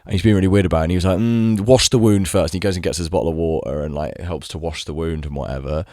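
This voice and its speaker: Man, casual vlog rant, low voice, restless and profane, lots of fillers. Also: steady tone, rapid-fire, warm tone, no room sound, clean studio sound. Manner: agitated, many fillers and restarts; swears freely. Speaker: vlogger.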